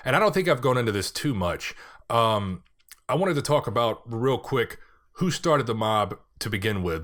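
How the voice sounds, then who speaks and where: A man's voice: mid-range voice, a bit bright. A man hosting a casual solo podcast, talking in a joking, rambling way and swearing now and then. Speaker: podcast host.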